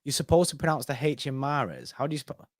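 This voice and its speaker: Animated young man, dry sound. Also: mid-range voice, fast talker, dry recording. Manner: animated, laughs often, lively bursts. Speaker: co-host of fan live stream. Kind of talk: casual chat.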